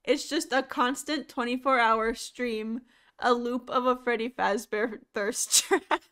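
Giggly high-voiced woman streamer. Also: steady tone, slow pace, fairly bright tone, clear, resonant tone. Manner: giggly, rambling, laughs often. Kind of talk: casual livestream chatter.

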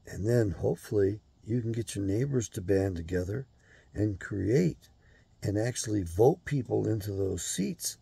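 A gruff older man rants bluntly and swears freely, his voice deep, dark and heavily gravelly. It is rough and husky throughout, recorded close and dry with no room sound. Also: expressive, a little slow, no echo. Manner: blunt, profane, ranting. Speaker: show host. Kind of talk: angry monologue to camera.

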